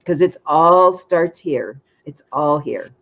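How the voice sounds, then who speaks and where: A woman dating coach giving frank, lively advice in a casual chat, acting out little quotes. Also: sits low, slow, muffled recording.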